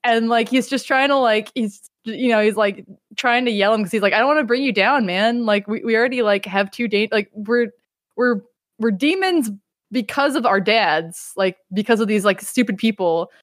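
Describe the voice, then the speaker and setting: A woman hosting a casual podcast chat, animated and swearing freely, acting out quotes as she talks. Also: on the high side, normal speed, dry recording, clean studio sound. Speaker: podcast host.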